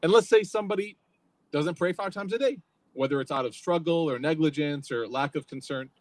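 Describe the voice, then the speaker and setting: A man's voice: fairly high pitch, brisk, low-quality recording. A young man giving a casual religious talk, telling stories conversationally and acting out the quotes. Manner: conversational storytelling, acts out quotes. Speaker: youth program speaker.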